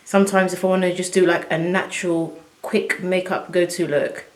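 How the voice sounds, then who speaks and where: A woman chatting to viewers as she works through a casual makeup tutorial at home, excitable and talking as she goes. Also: fairly low pitch, moderate pace. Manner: chatty, excitable, talks to viewers while working. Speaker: beauty vlogger. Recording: echoey room.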